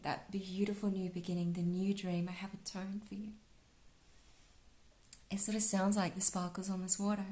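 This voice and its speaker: A woman giving a relaxed spiritual card reading, talking softly and dreamily with lots of "like" and "you know.". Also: mid-range voice, roomy sound. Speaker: astrology and oracle card reader.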